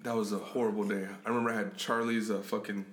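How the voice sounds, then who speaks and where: A young man co-hosting a podcast, telling a story in a casual chat, animated, laughing often and swearing a lot. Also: lowish voice, fast. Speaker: podcast co-host. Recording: echoey room.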